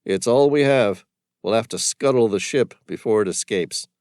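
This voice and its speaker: A man's voice: on the low side, normal speed, a little mellow, no room sound, studio quality, voice pushed up, natural voice. A man doing a grim, hunted man. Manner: grim, intense, emphatic. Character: grim hunted male ex-scientist, fatalistic.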